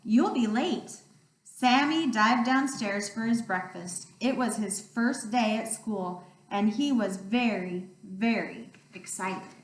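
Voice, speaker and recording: A woman teacher reading picture books aloud, expressive and playful, with roars. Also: medium pitch, takes it slowly, hardly any pauses. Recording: roomy sound, distant mic.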